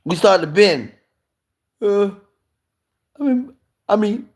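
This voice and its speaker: A man with a notably high voice delivers an impassioned sermon-style monologue. He is emphatic and keeps throwing rhetorical questions at his listeners. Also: animated, slow. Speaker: live streamer preaching.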